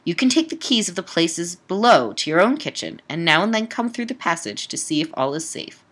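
A woman's voice: lowish voice, sing-song, brisk, fairly bright tone. A woman reading the lines of a frightened young heroine in a Gothic tale, with anguished exclamations. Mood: distressed.

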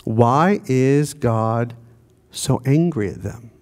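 A pastor preaching a sermon in a conversational way, asking the congregation rhetorical questions. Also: male voice, medium pitch, lively intonation, takes it slowly, darkish tone. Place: church.

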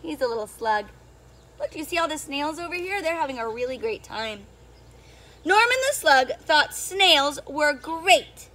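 A woman who is a children's storyteller, reading a picture book aloud to young children in an animated teacher's voice that keeps asking them questions. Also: high voice, normal speed. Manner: animated, sing-song teacher talk with questions to the kids.

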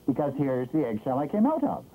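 A man's voice: medium pitch, wildly swooping pitch, fairly quick. A man voicing a small, earnest male baby chick in a 1960s cartoon, talking eagerly and hopefully. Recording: muffled, hissy 1960s film soundtrack.

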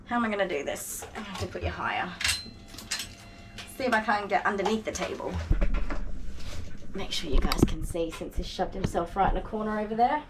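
Tired groomer chatting over clippers. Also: female voice, mid-range voice, lively intonation, a little fast, long pauses, noisy background. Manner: chatty, soothing the dog between asides. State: tired, sore back. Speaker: dog groomer. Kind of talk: casual vlog while grooming. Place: grooming room. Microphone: camera on a tripod. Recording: clippers buzzing behind.

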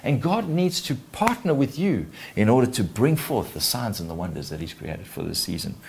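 A man preaching a sermon as a pastor, retelling a film scene and swinging between quiet, slow lines and high, forceful exhortation. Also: sing-song, vocal fry, slight background noise.

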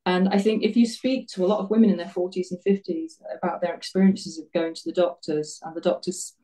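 Chatty woman guest, low and mellow, distant-sounding. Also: fairly even intonation, brisk. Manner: chatty, self-deprecating, laughs often. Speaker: interview guest, runner. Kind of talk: casual interview chat.

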